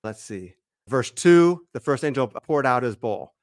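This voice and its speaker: A man's voice: mid-range voice, lively intonation, unhurried, no room sound, clean studio sound. A man co-hosting a casual scholarly Bible discussion, walking through the Greek text step by step and often restarting his sentences. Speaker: co-host, Bible teacher.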